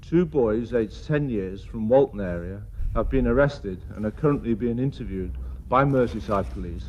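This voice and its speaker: A man delivering a formal, steady news report in old archive news footage. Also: lowish voice, moderate pace, highs cut off, a little hiss or hum.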